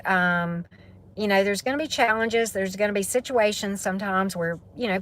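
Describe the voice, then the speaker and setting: A woman's voice: mid-range voice, fairly bright tone. A woman with a Southern US accent, a tarot reader chatting casually on a livestream, rambling and answering viewer comments. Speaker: tarot reader and spiritual coach.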